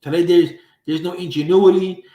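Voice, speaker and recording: A man's voice: high voice, fairly even intonation, moderate pace, recorded from a distance, highs cut off. Streetwise New man, echoey room. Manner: streetwise slang, loose and profane. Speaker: livestream host. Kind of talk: casual livestream storytelling. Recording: roomy echo.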